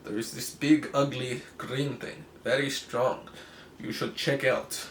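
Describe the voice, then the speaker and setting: A man voicing a gruff male informant who speaks in clipped, broken phrases. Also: mid-range voice, steady tone, slow pace, reverberant, a little hiss or hum. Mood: conspiratorial.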